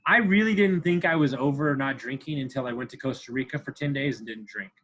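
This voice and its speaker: A man's voice: medium pitch, brisk, a bit bright, highs cut off. A man in his thirties talking as a podcast guest, intense and profane, repeating himself for emphasis. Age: 30s. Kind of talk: candid interview talk.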